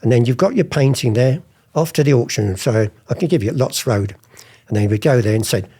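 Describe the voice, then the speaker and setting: A man's voice: mid-range voice, lively intonation, fairly quick, mellow, husky. An older man, chatty in an interview, acting out old conversations as he tells his stories. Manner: chatty, acts out past conversations in different voices. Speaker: interviewee, former art forger. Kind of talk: anecdotal interview storytelling.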